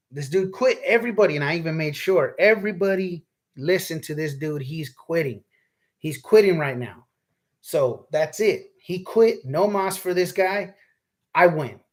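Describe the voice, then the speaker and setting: A man casually telling a personal story, laid-back and profane, acting out the quoted lines as he goes. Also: fairly high pitch.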